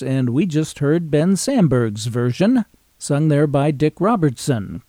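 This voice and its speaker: A man hosting a radio show about old records, reading out record details in a measured way. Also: mid-range voice, mellow, dry recording. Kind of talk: scripted radio show narration.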